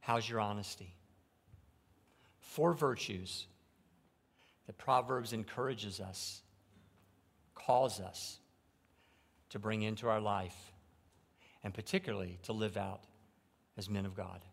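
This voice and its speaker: A middle-aged man preaching a sermon from a church pulpit, shifting between quiet, reflective stretches and loud, emphatic preaching. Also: lowish voice, steady tone, slow, gravelly, pauses often, husky. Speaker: pastor. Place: church sanctuary.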